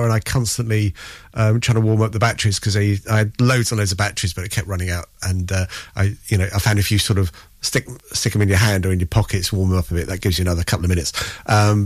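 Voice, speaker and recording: Male radio DJ with a lowish voice and a dry, close sound, rambling and excitable between records. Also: dry recording. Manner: rambling and chatty, with many ums and self-corrections; enthusiastic, easily excited. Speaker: radio presenter. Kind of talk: casual music radio chat.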